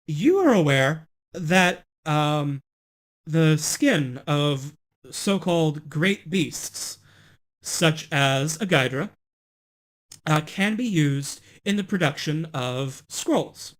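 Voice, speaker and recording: Young male game master, halting and unhurried, fairly high voice. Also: animated. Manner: unhurried, halting with many fillers. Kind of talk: running a tabletop game over voice chat.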